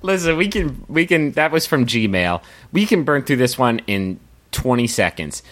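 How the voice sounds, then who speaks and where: A man's voice: medium pitch, big pitch swings, normal speed, fairly bright tone. A man co-hosting a comedy podcast, riffing and joking with casual profanity. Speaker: podcast co-host.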